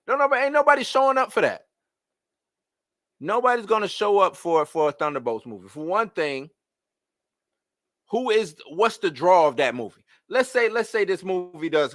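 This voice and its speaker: Live-stream host, man, bright high voice, exasperated rhetorical rant, dry close sound. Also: no echo. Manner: animated, rhetorical questions, exasperated. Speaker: host of a live movie-news show. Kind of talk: casual live-stream commentary.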